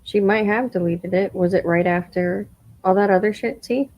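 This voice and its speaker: A woman's voice: medium pitch, normal speed, a little mellow, poor audio. A woman streamer giving incredulous, mocking reaction commentary on a clip, swearing casually.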